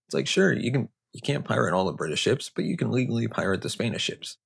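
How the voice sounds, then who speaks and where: A man's voice: fairly low pitch, very animated, quick pace, vocal fry, hardly any pauses, slightly rough. A man hosting a history podcast, telling the story casually with sarcastic, joking asides. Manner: casual, sarcastic, riffing off-script. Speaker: podcast host.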